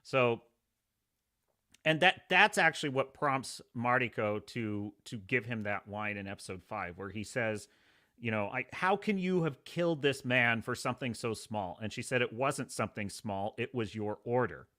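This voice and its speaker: Bright-voiced man retelling a show. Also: medium pitch, moderate pace. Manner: animated storytelling, acts out characters' lines. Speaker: host. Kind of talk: casual live show review.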